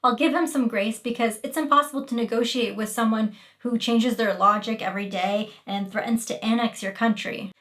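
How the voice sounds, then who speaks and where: A woman's voice: a little high, fairly even intonation, fairly quick, few pauses, fairly bright tone. Indignant woman host from Iraq. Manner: indignant, emphatic. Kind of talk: comedic political commentary.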